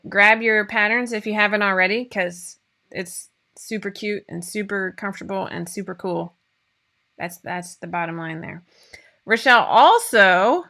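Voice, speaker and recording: A woman's voice: mid-range voice, bright, forceful tone. A woman, hosting a casual live-stream chat in a bubbly, rambling way with many fillers. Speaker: host of a sewing pattern company show.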